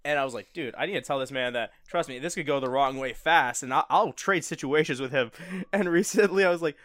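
A man's voice: fairly high pitch, brisk, a bit bright, dry recording. Young man telling stories among friends. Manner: storytelling with laughs and swearing. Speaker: friend chatting. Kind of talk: casual chat.

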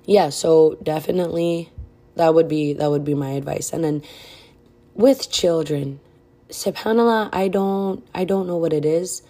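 A woman with a low, dark, mellow voice gives casual podcast advice, frank and direct with plenty of fillers. She sounds out of breath the whole time. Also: measured pace. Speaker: podcast host.

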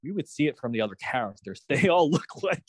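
A man's voice: a little high, sing-song, fast talker, breathy edge, no room sound. A man co-hosting a casual TV recap chat, playful, laughing often and mimicking characters. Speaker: podcast co-host.

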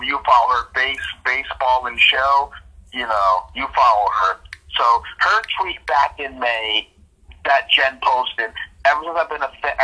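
A man co-hosts a casual podcast and tells his story with animated indignation. His voice is husky and very bright. The audio sounds tinny, like a phone line. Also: mid-range voice. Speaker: podcast co-host.

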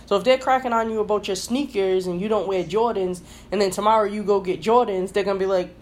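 A woman's voice: medium pitch, fairly even intonation, fast, darkish tone. A woman hosting a casual podcast discussion, asking questions and arguing her points in a conversational way. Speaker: podcast host.

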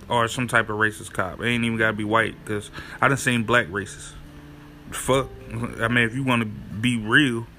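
Man, podcast host, gravelly, casual and profane, rambling talk, faint music. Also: mid-range voice, bright, forceful tone. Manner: loose, profane, rambling with many fillers. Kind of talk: casual solo podcast monologue.

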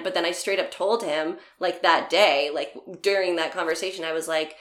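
A woman's voice: on the low side, steady tone, moderate pace, few pauses, a bit bright. A young woman telling a story in casual conversation, laughing often and acting out the dialogue. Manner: chatty, laughs often, acts out quoted dialogue. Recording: roomy echo.

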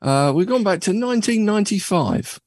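A man's voice: high voice, animated, brisk, a little mellow, dry recording. A man hosting a radio show from a studio, bantering casually and joking with his co-host, rambling a little with filler words. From United Kingdom. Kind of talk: casual banter between co-hosts.

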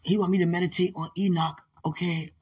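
A woman's voice: on the low side, little pitch movement, fairly quick, a little mellow, slightly rough. A woman leading an emotional live prayer session, often tearful, sighing and laughing as she prays and calls her listener sweetheart. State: crying.

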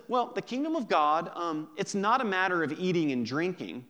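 A man pastor preaching a sermon in a conversational, joking way, drawing out key words slowly for emphasis. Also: high voice, a bit bright.

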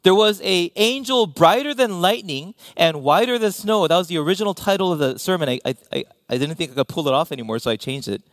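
Animated pastor who drops to whispers. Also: male voice, sits high, fairly quick, hardly any pauses, dry recording, clean studio sound. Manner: animated, dropping to near-whispers, self-deprecating asides. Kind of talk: sermon.

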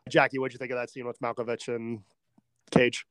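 A man co-hosting a casual movie podcast, relaxed and chuckling, peppering his talk with "like". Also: medium pitch, fairly quick, smooth, no room sound. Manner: relaxed, chuckling, uses "like" a lot. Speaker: podcast co-host.

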